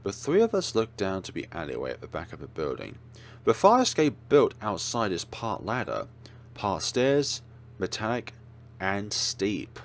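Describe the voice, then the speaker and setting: A man's voice: on the low side, wildly swooping pitch, a little slow. A man hosting a let's play, reading a horror visual novel aloud with dramatic storytelling and wry asides.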